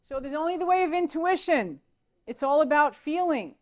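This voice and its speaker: A middle-aged woman, a teacher giving a lecture full of lively anecdotes and excited asides. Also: high voice, normal speed. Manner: animated storytelling, excitable asides.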